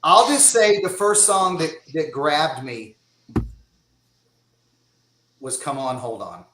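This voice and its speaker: This Georgia-born drummer in his fifties, Southern accent and all, rambles through a casual chat as a guest, laughing a lot. His voice runs on the high side with big pitch swings and a slow pace, captured in a reverberant space with background noise.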